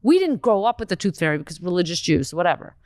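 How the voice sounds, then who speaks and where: A woman from Canada, a comedian guest, telling a story in a lively, swearing, casual podcast chat. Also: on the low side, dry recording. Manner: animated storytelling, swearing, quick asides.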